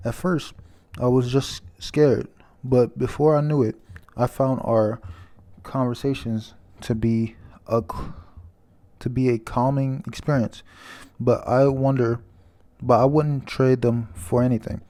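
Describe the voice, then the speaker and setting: A man voicing a calm, earnest male friend speaking over a call in a comic, close to his own voice. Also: medium pitch, a little slow, natural voice.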